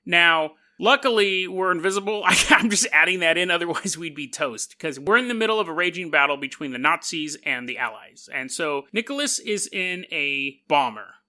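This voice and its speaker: A man hosting a podcast, telling stories in a casual, joking way, laughing often and putting on quick voices for the people in them. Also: on the high side, animated, pushed and bright. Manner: laughs often mid-sentence. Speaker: podcast host. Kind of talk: casual storytelling monologue.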